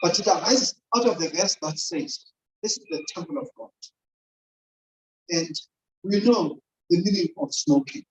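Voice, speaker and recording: A woman's voice: fairly low pitch, measured pace, a little mellow, slight background noise. Woman talking in an echoey church. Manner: chatty, keeps quizzing the congregation. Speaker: church speaker. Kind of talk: informal sermon-style talk. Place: church hall. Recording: echoey, dull, distant church recording.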